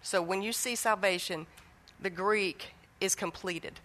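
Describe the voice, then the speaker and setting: Speaking at a measured pace in a mid-range, slightly bright voice, a middle-aged woman teaches about faith. She's a Christian teacher who shares family anecdotes earnestly and performs the dialogue in them.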